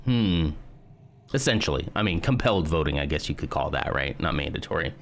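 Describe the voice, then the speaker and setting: An American man streaming a video game, chatting casually with viewers and thinking out loud in a hesitant, musing way. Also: extremely low pitch, expressive, brisk, a little hiss or hum. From United States. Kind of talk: casual live-stream chat while gaming.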